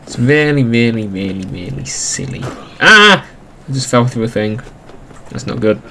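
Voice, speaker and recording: A man's voice: medium pitch, moderate pace, vocal fry, slight background noise. A young man giving casual, sarcastic commentary while playing a video game, ranting about its flaws. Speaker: gaming YouTuber.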